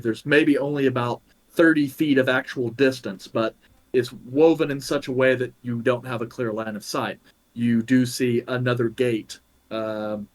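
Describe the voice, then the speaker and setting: A man narrating as game master in a tabletop role-playing game, unhurried and filling pauses with ums and uhs. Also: medium pitch.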